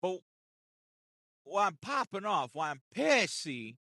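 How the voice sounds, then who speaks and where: A man's voice: sits high, very animated, slow pace, sharp tone, dry recording. Heated, profane man ranting a story. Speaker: content creator.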